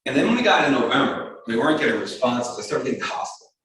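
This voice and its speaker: A man giving a storytelling talk to an astronomy club, lively and acting out the voices of other people. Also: fast talker. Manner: animated, acts out quoted voices in a higher pitch. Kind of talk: storytelling lecture. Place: community hall talk. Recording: very echoey hall, speaker far from mic.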